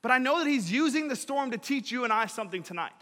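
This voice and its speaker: Young man, preacher, casual chatty sermon, very high voice, reverberant hall. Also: animated, fast talker. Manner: chatty, many fillers, swings between loud and quiet.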